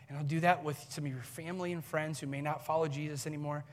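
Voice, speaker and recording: A fairly high-voiced man preaches from the front of a large church hall, his words ringing out in a long reverb. He speaks earnestly and tells a story from his family life, laughing at himself now and then. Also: fairly even intonation, fast, few pauses, a little hiss or hum. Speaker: pastor. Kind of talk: sermon with personal story.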